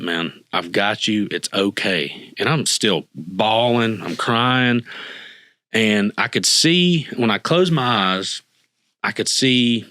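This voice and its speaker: A man's voice: on the low side, bright, forceful tone, no echo. A man telling an emotional personal story as a podcast guest, earnestly acting out what people said to him. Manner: earnest, emotional, acts out quoted dialogue.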